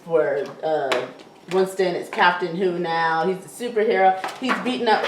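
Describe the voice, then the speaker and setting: A low-voiced woman chatting casually about a show, rambling and starting her sentences over. She sits away from the mic, so she sounds distant. The room echoes and has clear noise behind her. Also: normal speed. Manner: rambling, restarting sentences while describing scenes. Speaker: podcast co-host. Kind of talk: casual episode recap chat.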